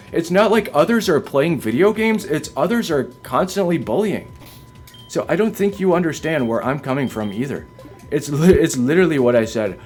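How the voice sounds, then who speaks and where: A man's voice: a little high, darkish tone. A man streaming a video game from home, ranting defensively, swearing hard and leaning on "like" as filler. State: upset. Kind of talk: venting rant on a live stream. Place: home, by a window.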